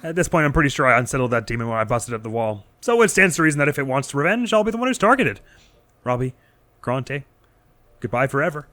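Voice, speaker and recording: A man's voice: mid-range voice, expressive, fast talker, pushed and bright, no room sound. A man voicing a jittery, superstitious castle worker in a nervous, fretful read-aloud delivery.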